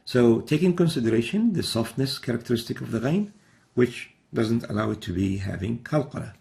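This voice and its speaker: A man's voice: mid-range voice, lively intonation, fairly quick, creaky, mellow. A man teaching a recorded recitation lesson, explaining each pronunciation mistake step by step and then sounding out the Arabic letters himself.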